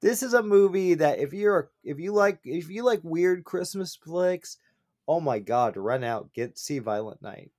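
A man co-hosting a casual podcast, talking with excitement and repeating himself for emphasis. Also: a little high, measured pace. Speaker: podcast co-host. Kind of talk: casual chat.

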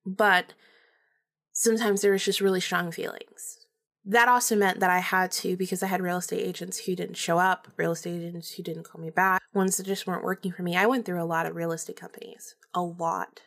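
A young woman with a breathy voice hosts her podcast and tells a story. She is chatty and loose, laughs often and swears casually. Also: on the low side, flat delivery, fairly quick, fairly bright tone. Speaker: podcast host.

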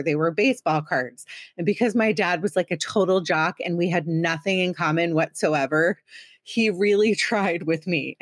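A woman's voice: fairly low pitch, no echo, studio quality. A woman in her thirties hosting a podcast, talking in a chatty, self-deprecating and teasing way. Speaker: podcast host. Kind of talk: casual chat.

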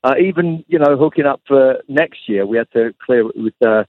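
Male guest on a phone line, mid-range voice, relaxed and rambling, dry and tinny. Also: mid-range voice, normal speed, dry recording. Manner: relaxed and rambling, many fillers. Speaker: guest guitarist. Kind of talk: casual interview chat. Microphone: phone call.

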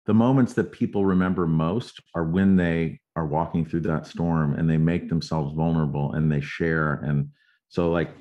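A male interviewer with a very low voice reflects warmly on his guest's story and affirms it. The recording sounds muffled and lo-fi. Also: steady tone, normal speed. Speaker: interviewer, host. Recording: dull lo-fi sound.

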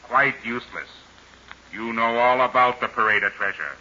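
An actor playing a suave, scheming male villain in a 1930s radio drama, smooth and menacing. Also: mid-range voice, moderate pace, bright, forceful tone, slight background noise. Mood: coaxing menace. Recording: muffled old radio recording.

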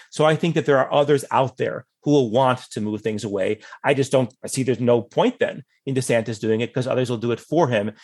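Measured male political commentator. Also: medium pitch, husky. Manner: thoughtful, measured, hedging with asides. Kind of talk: conversational political analysis.

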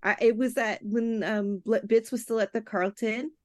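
A woman's voice: fairly high pitch, moderate pace, no room sound. A woman talks on a podcast, telling stories and slipping into voices for the people in them. The sound is dry and close, with no room around her. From Canada. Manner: animated storyteller, acts out quotes. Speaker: festival programmer guest. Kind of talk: casual podcast chat.

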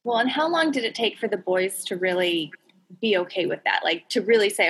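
A woman's voice: medium pitch, animated, a little fast, a bit bright, slightly rough. A woman hosting a casual interview, talking in an encouraging, effusive way. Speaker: host.

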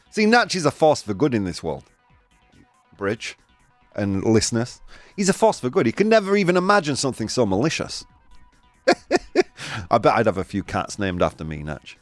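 Male radio host, animated swooping delivery, dry close studio sound, soft music underneath. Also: mid-range voice, dry recording. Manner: animated, laughs often, switches into Spanish translations. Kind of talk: casual radio chat, reading news items.

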